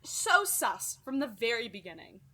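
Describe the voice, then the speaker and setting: A woman co-hosting a podcast in casual chat, chatty, with quick apologetic asides. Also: a little high, very animated, over a noisy crowd.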